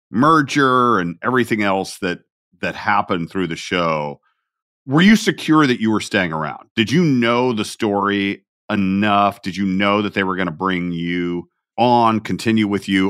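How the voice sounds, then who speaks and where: A man's voice: low-pitched, a bit bright, no echo, clean studio sound. A man hosting a casual interview podcast, asking rambling, enthusiastic questions. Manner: rambling, enthusiastic, trails into laughter. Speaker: podcast host.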